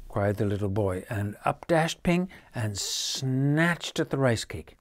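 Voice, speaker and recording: A man reading a children's bedtime story aloud, gentle and dropping to a hush at quiet moments. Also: medium pitch, lively intonation, slow, dry recording.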